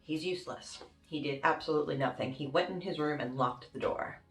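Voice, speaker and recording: A young woman telling a story on her vlog in a casual, animated, dramatic way, with plenty of swearing. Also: sits low, a little fast. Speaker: YouTuber. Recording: roomy with faint music.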